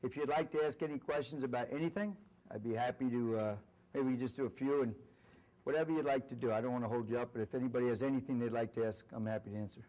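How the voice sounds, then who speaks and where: A middle-aged man speaks to a university audience in an earnest, storytelling manner. His voice sits at an ordinary male pitch, and he builds his anecdotes with lively emphasis. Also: fast. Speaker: corporate executive speaker. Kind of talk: motivational speech. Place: university lecture event.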